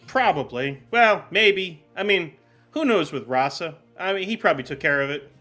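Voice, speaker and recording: A man's voice: fairly high pitch, expressive, normal speed, sharp tone, faint music behind. A man playing a character in a tabletop game, folksy and polite, with some stammering. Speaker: player.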